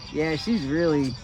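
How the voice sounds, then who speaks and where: A woman in her sixties in casual chat, rambling, swearing freely and giggling often. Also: low voice. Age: 60s. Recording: noisy outdoor recording.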